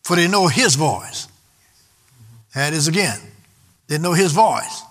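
A man's voice: fairly high pitch, animated, takes it slowly, a bit bright. A man preaching a sermon emphatically and calling out to the congregation for responses. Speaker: pastor.

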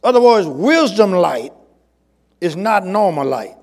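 A man preaching a sermon with emphasis, swinging from loud calls to low, quick asides. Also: very animated. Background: congregation.

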